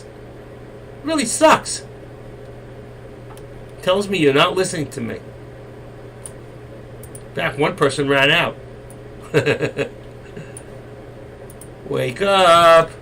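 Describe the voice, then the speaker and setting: A man hosts a live trading stream, nagging and teasing his viewers with mock exasperation and sudden loud shouts. His voice is bright and tense, a little higher than most men's. He sits back from the mic, with faint noise underneath. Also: gravelly, recorded from a distance, low-quality recording. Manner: coaxing, teasing and exasperated with the chat.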